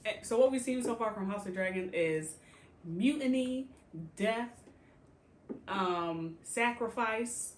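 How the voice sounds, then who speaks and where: Woman, podcast co-host, casual chat, profane, animated, acts out quotes, echoey room, faint hum. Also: medium pitch, slow. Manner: slangy, profane, laughs often. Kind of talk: casual chat recapping a TV show.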